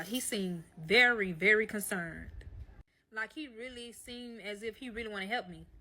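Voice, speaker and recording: Bright, profane woman telling a story. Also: on the high side. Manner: profane, emphatic, addresses listeners as y'all. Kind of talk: casual storytime monologue.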